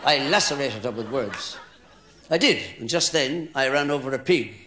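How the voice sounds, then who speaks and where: An older Irish man telling jokes on stage in lilting, theatrical stand-up storytelling that builds to loud punchlines. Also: mid-range voice, lively intonation, normal speed, noisy background. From Ireland. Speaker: stand-up comedian. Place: hotel function room with live audience. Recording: roomy live hall with crowd.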